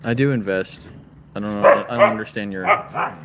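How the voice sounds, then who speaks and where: A man giving casual running commentary at a dog rescue, chatting to camera and talking to his dogs in a high sing-song voice. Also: moderate pace. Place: outdoors and indoors at a dog rescue, with dogs around. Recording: loud background noise, dogs barking.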